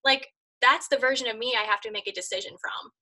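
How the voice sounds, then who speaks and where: A woman's voice: on the high side, steady tone, fast, bright, forceful tone, rough recording. A woman guest on a live chat, speaking in an earnest, emphatic and encouraging way. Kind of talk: casual interview chat.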